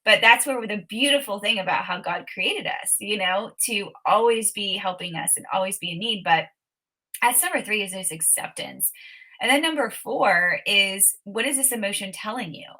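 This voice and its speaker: A woman with a bright, forceful voice talks in a relaxed interview. She lays out her method step by step, in an earnest tone. Now and then she speaks a prayer aloud as if in the moment. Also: medium pitch, moderate pace, poor audio. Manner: Christian faith talk. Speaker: author and coach, podcast guest. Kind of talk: casual interview talk.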